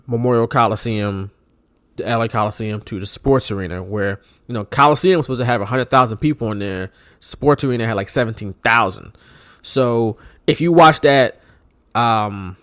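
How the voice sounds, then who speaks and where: A man co-hosting a podcast in casual chat, animated and joking. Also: medium pitch, dry recording, clean studio sound. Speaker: podcast co-host.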